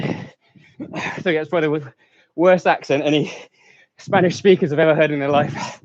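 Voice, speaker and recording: Running a live workout session, a male fitness coach counts down the seconds out of breath, cheering people on and laughing briefly. He speaks on the high side at a moderate pace, with lively intonation and long pauses. No echo, though the stream audio is dull and lo-fi.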